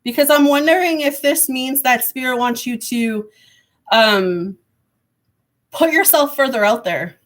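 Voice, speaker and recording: A woman giving a live tarot reading to viewers, rambling and hesitant with many fillers, her voice going hoarse with frequent throat clearing. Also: sits high, measured pace. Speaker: tarot reader.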